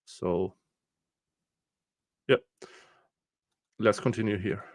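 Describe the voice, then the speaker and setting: A man hosting a livestream, casually commenting in an unhurried, halting way. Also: lowish voice. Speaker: livestream host commenting on a trial.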